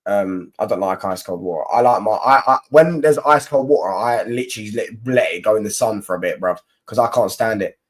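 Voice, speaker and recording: A man's voice: on the low side, a little fast, hardly any pauses. A young man hosting a casual football live stream, reading chat comments and mocking rival fans in rambling, slangy banter.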